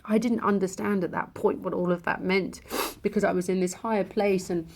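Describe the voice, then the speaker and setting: A woman vlogger telling a personal spiritual experience, in an emotional way with hushed passages. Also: mid-range voice, steady tone, fairly quick.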